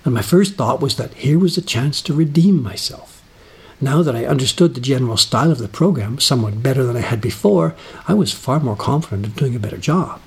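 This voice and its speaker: A middle-aged man reading a personal essay aloud in a dry, self-deprecating, unhurried manner. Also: mid-range voice, lively intonation, darkish tone, breathy edge. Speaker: narrator. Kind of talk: scripted personal essay narration.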